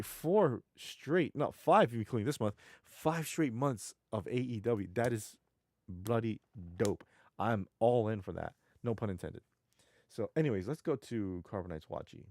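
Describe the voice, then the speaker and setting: A man's voice: mid-range voice, a little mellow, no echo. Male streamer, rambling emphatic chat, dry unreverberant mic. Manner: rambling, emphatic, many restarts. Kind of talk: casual chat.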